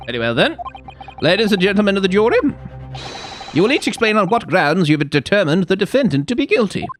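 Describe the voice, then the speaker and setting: A man voicing a formal, measured older male judge presiding over a trial. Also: sits high, very animated, soft background music, pitched above the performer's own voice.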